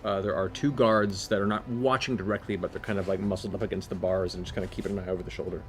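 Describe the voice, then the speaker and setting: A man's voice: sits low, fairly even intonation, quick pace, soft background music. A man narrating a tabletop game as game master, in a loose, descriptive way.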